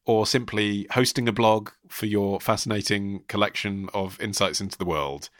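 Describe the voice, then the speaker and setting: A man co-hosting a podcast, explaining things in a quick, emphatic, chatty way. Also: fairly low pitch, fairly even intonation, no room sound, clean studio sound. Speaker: podcast co-host. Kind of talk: casual chat.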